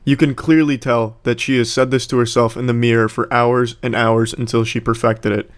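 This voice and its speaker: A man giving sarcastic, deadpan commentary on a rap battle video. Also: medium pitch, normal speed. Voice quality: deadpan and mocking.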